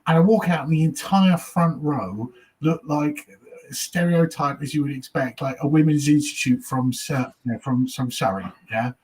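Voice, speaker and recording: A man's voice: a little high, normal speed, a little mellow, slightly rough. A man, a comedian, telling anecdotes in casual chat, swearing freely and acting out what other people said. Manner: chatty storyteller, swears, acts out audience voices. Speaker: comedian guest.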